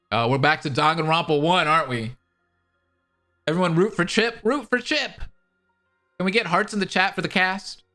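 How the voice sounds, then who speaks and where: A man streaming a live reaction to a fan series, excitable and cheering the characters on. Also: high-pitched, unhurried, pauses often, faint music behind. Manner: excitable, cheering, laughing along.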